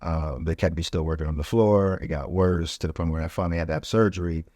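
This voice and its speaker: A man, a podcast guest, telling his story in a relaxed, casual way with many fillers, and growing animated as he relives the events. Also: quick pace, dry recording, clean studio sound. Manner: animated, rising pitch when reliving events.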